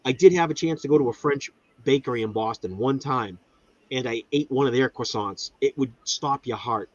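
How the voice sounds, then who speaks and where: A man, telling lively food stories in casual chat and acting out voices. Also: mid-range voice, dry recording, highs cut off. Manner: animated storytelling, acts out voices. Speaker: guest.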